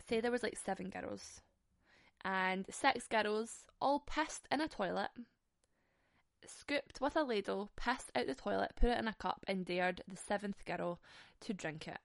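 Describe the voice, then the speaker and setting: A woman's voice: mid-range voice, a little slow, gravelly, no room sound, clean studio sound. A young Scottish woman telling stories in a casual, sweary way, laughing often. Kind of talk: casual storytelling.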